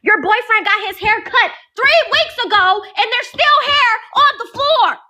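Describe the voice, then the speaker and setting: A woman, venting about a roommate fight. She talks in a heated, repetitive rush that tips into yelling, her tone bright and sharp. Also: very high voice, expressive, measured pace. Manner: heated, repeats phrases, rising to yelling. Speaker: caller venting on a live advice stream. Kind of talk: emotional venting story.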